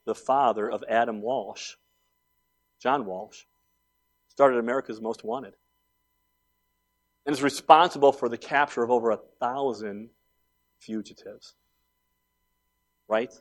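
A man's voice: medium pitch, unhurried, long pauses. A man in his forties preaching a sermon, telling stories conversationally and building to emphatic points. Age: 40s. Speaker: pastor.

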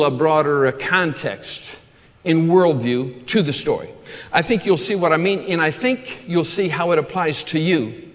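Guy preaching a sermon, eager and warm with the crowd, voice a bit high, lots of uh and restarts, big church hall echo. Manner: enthusiastic, repeats words and restarts with frequent uh; warm asides to the congregation and online viewers. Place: church auditorium with a congregation. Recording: long hall reverb.

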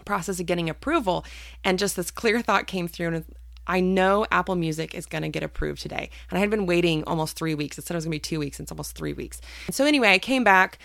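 A woman's voice: fairly low pitch, fast, gravelly, a bit bright, dry recording, clean studio sound. A woman hosting a personal faith podcast, talking candidly and hesitantly with many fillers and restarts. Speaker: podcast host.

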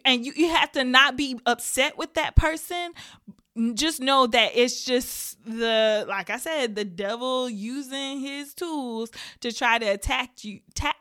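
A woman's voice: fairly high pitch, dry recording, studio quality. A young woman hosting a podcast, talking candidly and with feeling, often breaking into laughter. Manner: candid, animated, laughs often, speaks of faith. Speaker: podcast host. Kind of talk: casual heartfelt chat.

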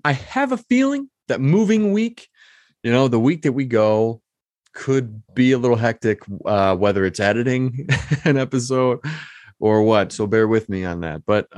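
A man's voice: mid-range voice, unhurried, no room sound. A man from Michigan hosting his own podcast, talking on in a loose, rambling way with many ums and restarts. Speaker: podcast host. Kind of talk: casual solo podcast monologue.

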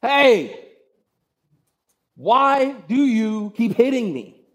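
A man's voice: extremely high pitch, sing-song, drawn-out words, voice pushed up, exaggerated voice. A pastor voicing a talking male donkey in a sermon retelling, asking his rider why he keeps being hit. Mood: pleading.

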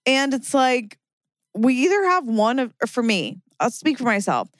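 A woman's voice: on the high side, sing-song, moderate pace, no echo, clean studio sound. A woman hosting a casual solo chat, talking in a chatty, playful way and acting out her own thoughts in little voices. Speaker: podcast host. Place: lives in a big city.

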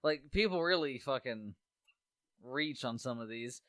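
A man's voice: mid-range voice, lively intonation, measured pace, a bit bright, dry recording, studio quality. A man in casual chat, co-hosting and cutting in with crude, sarcastic wisecracks. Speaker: podcast co-host.

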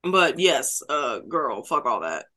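A woman co-hosting a casual podcast, speaking bluntly, swearing freely and often breaking into loud laughter. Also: very deep voice, big pitch swings, slow pace. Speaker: podcast co-host.

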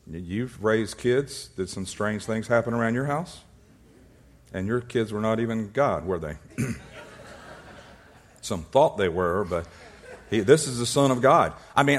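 Joking man preaching a sermon. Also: medium pitch. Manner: humorous storytelling, acts out little scenes; repeats words and restarts when excited. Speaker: pastor.

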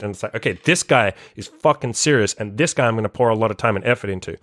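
A man's voice: on the low side, quick pace, hardly any pauses, fairly bright tone, dry recording. A man who coaches people on self-improvement, talking in a blunt, profane, casual monologue full of "like" and acted-out quotes.

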